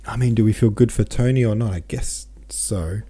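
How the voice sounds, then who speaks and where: A man hosting a podcast, reading a novel aloud with relaxed, chatty asides. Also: fairly low pitch, normal speed, slightly rough. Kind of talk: casual commentary and audiobook reading.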